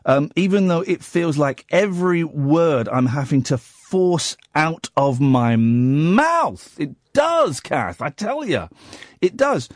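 Wry radio host, very animated. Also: male voice, on the high side, dry recording, studio quality. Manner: wry, teasing, self-mocking. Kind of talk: late-night phone-in chat. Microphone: studio mic.

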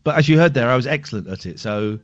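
A male radio host in casual, playful, self-mocking banter, drawling some words and rushing others. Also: medium pitch, lively intonation. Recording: lo-fi radio broadcast.

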